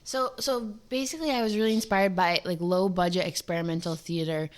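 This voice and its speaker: A young woman, a filmmaker and lead actor, talking casually in an interview, animated and full of "like". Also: fairly low pitch, brisk. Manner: animated, chatty, peppered with "like".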